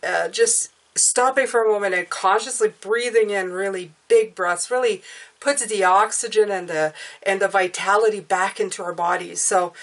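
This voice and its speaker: A woman giving a casual spoken tarot reading, gentle and chatty, speaking directly to her listeners and often checking in with "okay?". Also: mid-range voice, normal speed, low-quality recording. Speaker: tarot reader.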